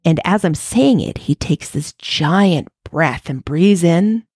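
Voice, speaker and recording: A woman with a low voice and a gravelly edge hosts her podcast, recorded dry and close with no room sound. She talks through a personal story in a candid, reflective way. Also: expressive, slow, darkish tone, no room sound. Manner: candid, reflective, self-searching. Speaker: podcast host.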